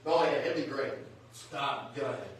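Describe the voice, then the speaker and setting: A man's voice: mid-range voice, normal speed, a little hiss or hum. A man hosting a live show, chatting loosely with guests and filling gaps with asides. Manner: rambling, chatty, lots of "you know what I mean". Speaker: host. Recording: very echoey hall from far off.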